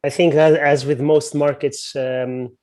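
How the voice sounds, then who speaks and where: A man's voice: fairly high pitch, level tone, measured pace, darkish tone. A man giving market commentary as a guest analyst on a webinar, firmly building his argument.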